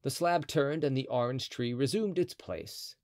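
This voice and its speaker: A man's voice: medium pitch, measured pace, darkish tone, no echo, clean studio sound. A man narrating a classic adventure novel as an audiobook, telling the story expressively. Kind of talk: scripted narration.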